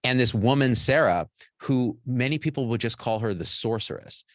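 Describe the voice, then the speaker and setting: A man's voice: medium pitch, normal speed, no echo, clean studio sound. A man in his forties, a physician and show host, telling a personal story to an audience in a candid, rambling and profane way. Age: 40s.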